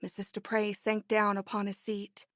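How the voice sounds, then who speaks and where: A woman narrating an audiobook in a measured, even storytelling manner on a close mic. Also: medium pitch, dry recording. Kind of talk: scripted narration.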